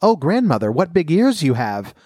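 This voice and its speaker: A man voicing an innocent little girl in a red cap, gentle and wide-eyed. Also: fairly high pitch, big pitch swings, normal speed, dry recording, clean studio sound, pitched above the performer's own voice. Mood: uneasy.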